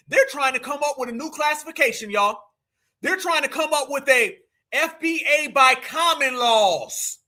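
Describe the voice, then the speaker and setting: A man from the United States hosting a live commentary show, ranting in a loud, mocking way and often shouting. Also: very high-pitched, animated, normal speed.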